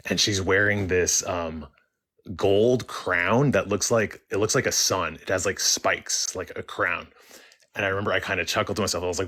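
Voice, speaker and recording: A young man with a very low voice and a bright, forceful tone tells his own story in a casual way. He halts often and restarts his sentences, filling the gaps with likes and ums. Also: normal speed. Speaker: caller sharing a story. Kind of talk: casual first-person storytelling.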